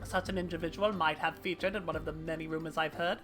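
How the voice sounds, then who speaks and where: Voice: mid-range voice, steady tone, quick pace, over music, lightly acted. A streamer voicing a struggling, wheedling small merchant while reading game dialogue aloud on stream. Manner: theatrical read of game dialogue.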